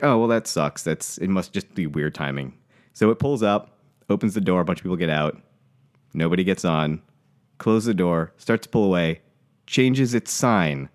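A man casually telling a funny story on a podcast, animated and acting out the people in it. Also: low voice. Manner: animated, acts out quoted voices. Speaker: podcast co-host.

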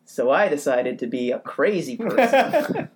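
A man telling a comic story on a podcast, animated and self-mocking, his pitch jumping up when he rants. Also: measured pace, slight background noise. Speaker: podcast co-host. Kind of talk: comedic storytelling.

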